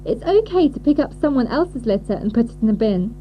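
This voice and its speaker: A woman reading a list of rules in a clear, instructive way for a listening task. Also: on the high side, big pitch swings, fairly quick, dark tone. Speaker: reader of a code. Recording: dull lo-fi audio with faint hiss.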